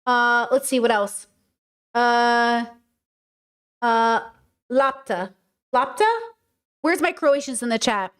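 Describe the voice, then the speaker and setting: An American woman hosting a livestream in a loose, joking way. Her voice sits a touch higher than most women's, and she swears freely and repeats herself for emphasis. The talk is relaxed and rambling. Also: slow pace, long pauses, clear, resonant tone. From United States. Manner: playful, swearing, chatty, repeats words for emphasis. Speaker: host. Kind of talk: casual livestream chat.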